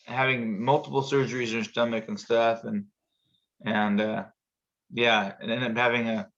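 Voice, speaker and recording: A man with a bright, forceful voice tells a long, rambling story in casual chat. He acts out the people in it with sudden high jumps in his voice. The audio sounds slightly dull and muffled, as over a video call. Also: level tone, moderate pace. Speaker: show host telling a story.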